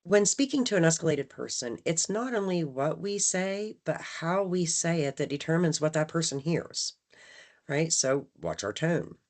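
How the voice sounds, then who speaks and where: Woman, staff trainer, lively varied pitch, conversational, frequent check-ins. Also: moderate pace. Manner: acts out phrases with shifting emphasis. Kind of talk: training presentation.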